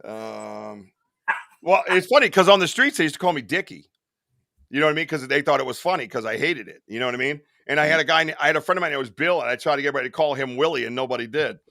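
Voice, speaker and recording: A man's voice: a little high, animated, quick pace, vocal fry, sharp tone, dry recording, clean studio sound. A man hosting a live podcast, chatting casually in a rambling way, swearing and laughing at his own stories. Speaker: podcast host. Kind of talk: casual live-stream chat.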